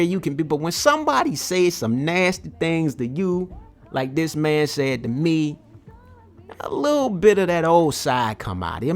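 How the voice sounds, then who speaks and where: A man hosting a podcast, telling a story in a casual, animated way and repeating words as he gets going. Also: a little high. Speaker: podcast host.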